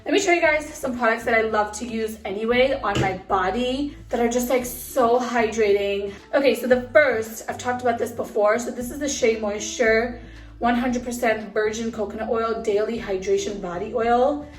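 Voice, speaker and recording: A woman's voice: a little high, moderate pace, roomy sound, far from the mic. A pregnant young woman vlogging casually into her phone, chatty and upbeat with lots of fillers, a little out of breath. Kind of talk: casual chat to a phone camera. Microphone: phone camera.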